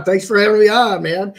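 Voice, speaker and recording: A man's voice: sits high, a bit bright. A man joining a podcast as a guest, chatting casually in a friendly way and laughing easily. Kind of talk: casual chat.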